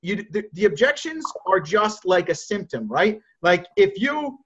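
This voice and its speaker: Man, high voice, blunt sales coach, repeats himself, dull lo-fi call audio. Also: big pitch swings, a little slow, a bit bright, slightly rough. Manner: blunt, direct, repeats words when he starts a thought. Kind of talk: coaching on a group video call.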